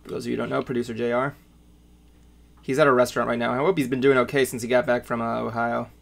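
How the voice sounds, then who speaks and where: A man's voice: medium pitch, level tone, fast talker, creaky. A man hosting a casual livestream chat, rambling and chatty, trailing off with fillers. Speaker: podcast host.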